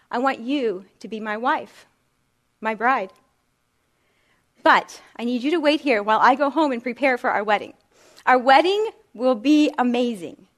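A woman voicing a gentle young man, a king's son, speaking softly and tenderly. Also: a little high. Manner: soft, tender, reassuring.

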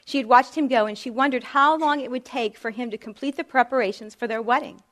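A woman narrating a story in a calm, measured, gently expressive way. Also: on the high side.

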